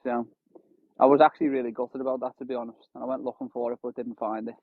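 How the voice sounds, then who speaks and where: Through a phone livestream, a man in his thirties chats fast with viewers as he fishes on a windy shore. His medium-pitched voice barely rises or falls, and the tinny, dry sound has no room noise.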